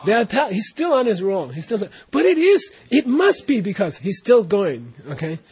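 In a dull, lo-fi classroom recording, a male teacher gives instruction and often pauses to check in with his students. He has a high, darkish, slightly rough voice with big pitch swings and a moderate pace.

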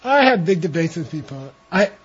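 A man leading a translation class, talking slowly and relaxed while he coaches pronunciation. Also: fairly high pitch. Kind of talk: informal class talk with chanted reading. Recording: dull lo-fi classroom recording.

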